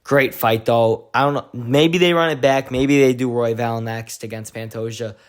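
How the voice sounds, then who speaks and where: A male vlogger giving an excitable, slangy recap of a fight week, full of "like"s. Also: mid-range voice, normal speed. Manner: excitable, slangy storytelling with many "like"s. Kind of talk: casual event recap vlog.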